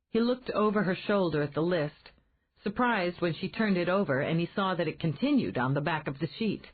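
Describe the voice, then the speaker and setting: A woman narrating a romance novel in a measured storytelling voice, low-pitched but lively in its ups and downs. The sound is narrow and tinny, like a phone line. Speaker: audiobook narrator. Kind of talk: scripted narration.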